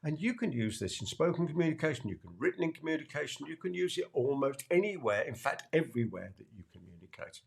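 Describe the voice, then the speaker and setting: Older British male sales trainer, lively delivery with a gravelly edge, repeats key points for emphasis. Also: on the high side. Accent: British English. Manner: emphatic, repeats key phrases slowly for effect; playful asides. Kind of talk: direct-to-camera teaching talk.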